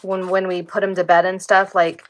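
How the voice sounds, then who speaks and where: A woman's voice: fairly low pitch, little pitch movement, normal speed. A young woman, chatting casually and rambling as she plans in her vlog. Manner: chatty, rambling, says "like" often. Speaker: planner vlogger. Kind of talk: casual chat while planning.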